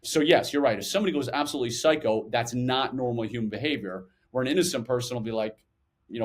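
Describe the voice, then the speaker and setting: Animated man telling stories. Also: mid-range voice, fast talker. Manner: animated, acts out quotes. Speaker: guest, former intelligence officer. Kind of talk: storytelling interview answers.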